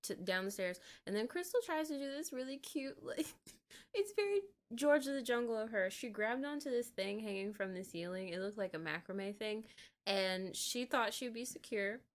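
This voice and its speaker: A woman co-hosting a casual podcast, recapping a film scene by scene with animated storytelling and frequent swearing. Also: fairly high pitch. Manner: retells scenes in rapid run-on clauses. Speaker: podcast co-host. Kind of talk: casual movie recap chat.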